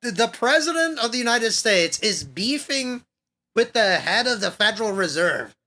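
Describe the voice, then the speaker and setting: Podcast co-host, male: bright, mid pitch, giggly, the voice of reason against his partner. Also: big pitch swings, moderate pace. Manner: laughs often, pushes back in a reasoning tone. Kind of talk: casual podcast banter.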